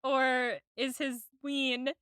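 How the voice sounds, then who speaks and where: A woman co-hosting a podcast in casual chat, recapping a TV episode, lively and giggly, acting out lines from scenes. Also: high voice, extremely slow, smooth, no room sound. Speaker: podcast co-host.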